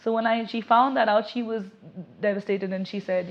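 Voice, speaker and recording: A young adult woman giving candid personal testimony in an interview, reflective and halting, often restarting her sentences. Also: medium pitch, steady tone, slight background noise. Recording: slightly dull lo-fi audio.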